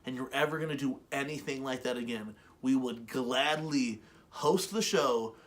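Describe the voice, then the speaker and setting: A man co-hosting a webshow, telling stories in a rambling, profane, animated way. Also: medium pitch, moderate pace. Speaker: webshow co-host. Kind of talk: casual chat.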